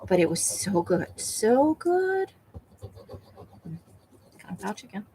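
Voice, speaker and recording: A woman's voice: on the low side, fairly even intonation, moderate pace, warm tone, slight background noise, rough recording. A woman hosting a crafting livestream, chatting casually with viewers while she works and laughing often. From Nevada.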